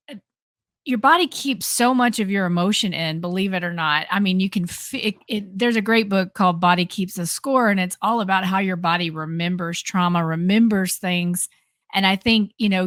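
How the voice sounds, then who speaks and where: A woman's voice: mid-range voice, moderate pace, fairly bright tone, no room sound. Reflective woman host, dry close mic. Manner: reflective, thoughtful, speaks in long musing sentences. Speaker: podcast host. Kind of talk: casual interview chat.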